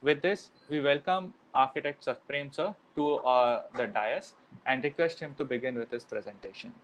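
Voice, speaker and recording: A man's voice: mid-range voice, moderate pace, poor audio. A man moderating a webinar, welcoming guests and formally reading out a speaker's introduction.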